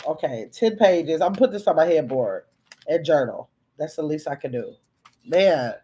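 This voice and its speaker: A woman hosting a casual livestream, chatting with viewers and reading their comments aloud in a rambling, conversational way. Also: medium pitch. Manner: chatty, reads viewer comments aloud, talks to chat directly; rambling and conversational, with sudden excited bursts. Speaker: livestream host.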